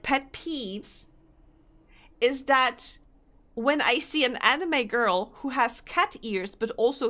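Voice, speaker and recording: A woman's voice: fairly high pitch, pushed and bright. A young woman, chatting casually with her live-stream audience, giggly and chatty. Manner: giggly, chatty, reacting to chat.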